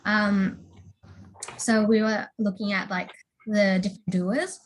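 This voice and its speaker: A female student summarizes the last lessons in a casual, tentative way, filling pauses with "um" and "like". Her mid-pitched voice carries a faint background hiss. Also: level tone, low-quality recording. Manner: casual, tentative, many fillers. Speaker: student in a class. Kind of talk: summarizing in class discussion.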